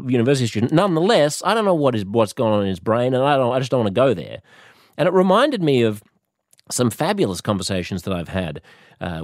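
A man's voice: lowish voice, darkish tone, no echo, clean studio sound. A man with an Australian accent telling a rambling, sarcastic comedic monologue, jumping up into mock-innocent questions.

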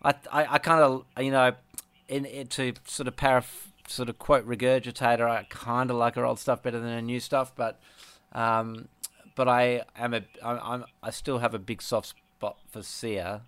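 A man's voice: medium pitch, little pitch movement, moderate pace, fairly bright tone, clean tone, no echo. A middle-aged man, a musician co-hosting a casual chat, telling a rambling story with frequent laughs and restarts. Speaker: podcast co-host, musician.

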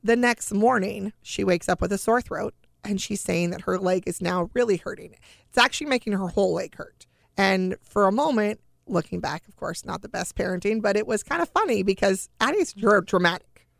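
A middle-aged woman casually telling a personal family story, animated and full of conversational fillers. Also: mid-range voice, moderate pace, vocal fry, no echo, studio quality. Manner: animated, acts out quoted dialogue.

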